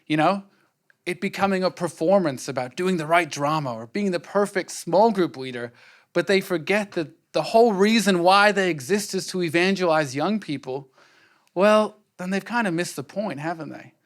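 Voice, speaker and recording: Aussie guy running a conference workshop, earnest, talks kinda high, keeps asking okay?. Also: moderate pace. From Australia. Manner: earnest, conversational, checks in with "okay?". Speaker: workshop speaker.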